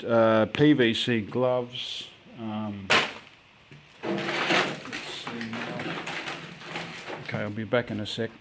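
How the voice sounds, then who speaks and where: Casual home handyman, mid pitch, talks in loose restarts. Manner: rambling, many ums and restarts. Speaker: home DIYer. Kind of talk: casual DIY walkthrough.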